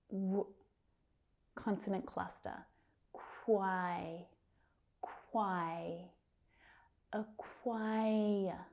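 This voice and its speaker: A woman teaching English pronunciation, saying words slowly and clearly, drilling each one several times with careful articulation. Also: on the high side, mellow. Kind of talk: slow, deliberate pronunciation lesson.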